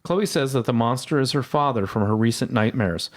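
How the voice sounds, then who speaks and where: A man's voice: medium pitch, brisk. A man co-hosting a podcast, chatting casually and reading a plot recap, often hesitant and restarting his sentences. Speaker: podcast co-host.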